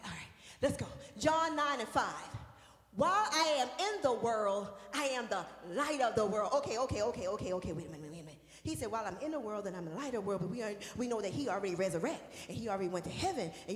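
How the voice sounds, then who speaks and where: High-voiced woman preaching in an echoey hall. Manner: conversational, joking with the congregation, rising into sung shouting. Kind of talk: sermon. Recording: echoey hall with music behind.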